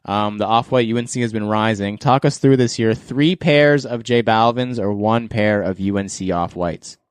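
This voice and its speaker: A man's voice: lowish voice, normal speed, clean tone, no echo. Canadian guy hosting a podcast quiz, playful and teasing, dry close mic. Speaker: podcast host. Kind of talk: casual game-show chat.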